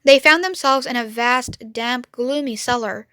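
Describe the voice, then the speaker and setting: Woman, storybook read-aloud, high voice, bright, dry close sound. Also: unhurried, no room sound. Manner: clear, expressive reading. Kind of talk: children's read-aloud narration.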